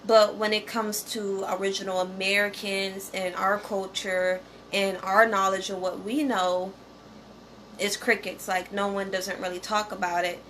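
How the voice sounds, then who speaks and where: A woman's voice: medium pitch, level tone, measured pace, a bit bright, a little hiss or hum. A woman hosting a casual educational vlog. She talks conversationally, often checks in with "okay?", and reads source text aloud while stumbling over some pronunciations. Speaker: channel host.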